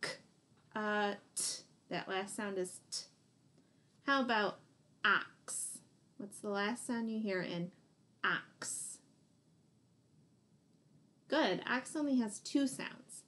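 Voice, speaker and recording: A woman teacher leads a phonics lesson for young children. She speaks slowly and patiently at a middle pitch, sounds out each letter and gives encouraging praise. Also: fairly bright tone.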